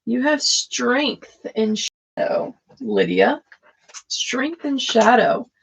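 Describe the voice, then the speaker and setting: A woman hosts a live tarot stream, chatting casually with viewers between card readings and laughing often. Her voice is on the high side, gravelly and slightly rough, and she speaks extremely slowly over dull lo-fi stream audio.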